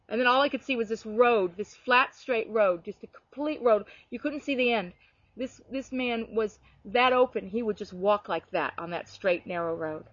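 Woman sharing heartfelt faith stories, kinda high voice, muffled lo-fi sound. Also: moderate pace, dry recording. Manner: heartfelt, animated storytelling, many restarts. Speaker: guest sharing ministry stories. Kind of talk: earnest conversational testimony.

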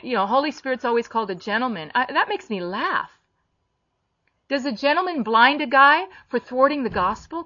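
A woman preaching a sermon in a blunt, emphatic way, rising into sharp bursts when she quotes others. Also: sits high, no echo, muffled recording. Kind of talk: sermon-style teaching.

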